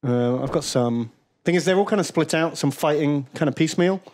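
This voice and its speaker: A man chatting casually with friends during a multiplayer strategy game, quick to laugh. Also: a little high, darkish tone. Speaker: gamer in a group let's play. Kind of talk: casual gaming chat.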